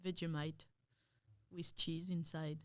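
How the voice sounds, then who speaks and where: A young woman with a French accent talks casually as a podcast guest. Her voice is smooth and the sound is dry and close. She hesitates often and laughs easily. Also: sits low, level tone, slow pace, no echo. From France.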